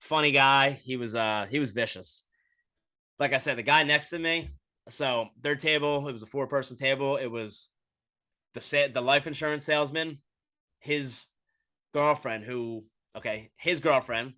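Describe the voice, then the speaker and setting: A young man hosting a podcast, telling a story in a profane, animated way and quoting voices as he goes. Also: medium pitch, moderate pace. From Florida, USA. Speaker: podcast host. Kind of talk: casual storytelling monologue.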